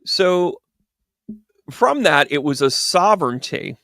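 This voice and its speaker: A man's voice: mid-range voice, expressive, measured pace, gravelly, no room sound, studio quality. A man co-hosting a livestream who rambles through casual commentary with a sarcastic, digressive, conversational manner. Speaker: livestream co-host.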